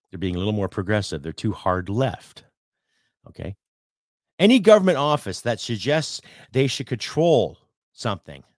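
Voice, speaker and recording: A man's voice: fairly low pitch, no echo, studio quality. A man hosting a political podcast, ranting heatedly with rhetorical questions and some swearing. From Canada. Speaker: podcast host.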